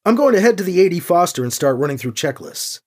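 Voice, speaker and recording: A guilty young man puts on a friendly front that sounds a little forced, voiced by an audiobook narrator. His voice is husky and breathy. The pitch swings widely from line to line. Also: very animated, fast, darkish tone. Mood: uneasy. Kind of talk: audiobook character reading.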